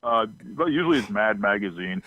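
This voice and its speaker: A newsman with a low voice gives deadpan answers, coming through a thin, phone-like line. The sound is dry and close, with no room around it. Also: moderate pace, no echo. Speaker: newsman serving as judge. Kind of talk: dry banter.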